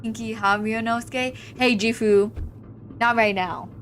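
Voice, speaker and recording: A woman's voice: on the high side, fairly even intonation, a little slow, a little hiss or hum. A young adult woman giving chatty, bubbly commentary while streaming a game, full of "like" fillers. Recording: streamed voice over loud game music.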